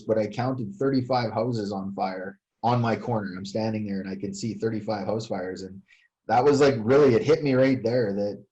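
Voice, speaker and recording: Low, dark-voiced man, muffled sound. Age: older. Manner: hesitant, many fillers and restarts. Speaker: retired fire chief, guest. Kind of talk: casual interview storytelling. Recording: dull lo-fi sound.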